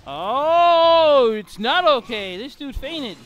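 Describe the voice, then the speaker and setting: High bright male voice, sick with a cough, excitable game commentary, slow delivery. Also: muffled recording. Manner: excitable, frequent exclamations. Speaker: gamer. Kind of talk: gameplay commentary.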